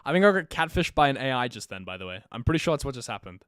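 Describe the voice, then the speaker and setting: A man's voice: mid-range voice, very fast, clear, resonant tone, no room sound, clean studio sound. Chatty young man casting esports live. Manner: chatty, jokey asides, energetic play-by-play. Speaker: streamer co-casting an esports match. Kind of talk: casual live-stream commentary.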